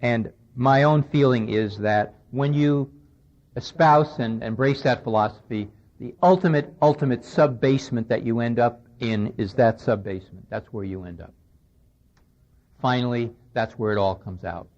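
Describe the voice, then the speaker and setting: Heard on a dull, low-fidelity 1990s radio recording, a man lectures conversationally at a moderate pace. His medium-pitched voice is darkish, and he emphasizes his words while recounting a conversation.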